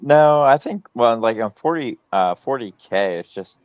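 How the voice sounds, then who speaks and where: A man's voice: mid-range voice, lively intonation, unhurried, clear, resonant tone, no echo, muffled recording. A man in casual livestream chat, explaining things at length with many fillers.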